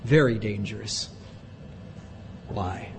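A man's voice: slow, darkish tone. Emphatic male pastor in a reverberant church. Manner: emphatic, repeating words for weight. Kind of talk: sermon. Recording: long reverb with faint rumble.

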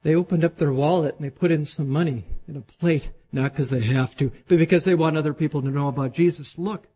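Pastor, man, husky and a touch high-pitched, lively sermon delivery. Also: fast talker. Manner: animated preaching, voice climbing high when voicing God.

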